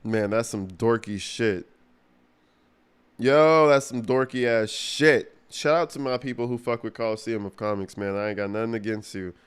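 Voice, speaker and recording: A man's voice: mid-range voice, moderate pace, smooth. A man streaming and reacting to a clip, talking in a crude, mocking, rambling way with lots of slang. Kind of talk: casual livestream commentary.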